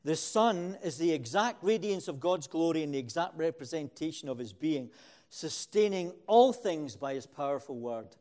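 A man preaching with a high voice. He moves from hushed, intimate lines to loud, ringing declarations and hammers key phrases through repetition. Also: expressive, moderate pace. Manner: builds from quiet to loud, repeating phrases. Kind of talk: sermon.

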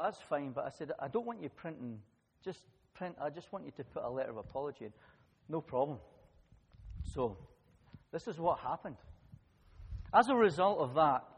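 A man preaching a sermon, telling a personal story with lively swings between loud emphasis and quiet asides. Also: fairly high pitch. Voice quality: husky. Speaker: pastor. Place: church hall. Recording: long church-hall reverb.

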